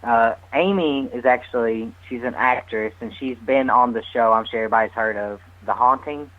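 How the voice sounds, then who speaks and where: A man telling an animated, laughing story as a guest on a radio talk show. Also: medium pitch, moderate pace, lo-fi sound. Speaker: guest medium's partner.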